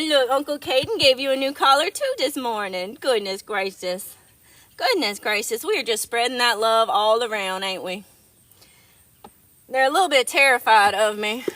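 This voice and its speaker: A woman's voice: high voice, sharp tone, no echo. A woman hosting a casual livestream, affectionately greeting viewers as darling. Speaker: livestream host.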